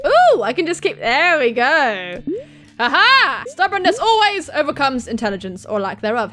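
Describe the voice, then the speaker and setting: A woman hosting a let's-play video, excitable, yelping, swearing and laughing at her own failures as she plays. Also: high voice, normal speed, faint music behind. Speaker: gaming video host.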